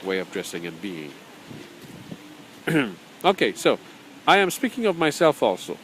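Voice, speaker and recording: A man's voice: medium pitch, wildly swooping pitch, unhurried, a bit bright, a little hiss or hum, rough recording. A man teaching an informal spoken course, talking conversationally, repeating phrases and chuckling often, sometimes reading from his own book. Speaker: spiritual teacher.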